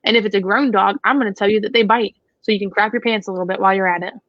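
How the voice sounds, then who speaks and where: A woman's voice: medium pitch, steady tone, rapid-fire, no echo. A woman dog trainer hosting a casual Q&A chat, talking in a frank, blunt, joking way. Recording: dry, dull lo-fi sound.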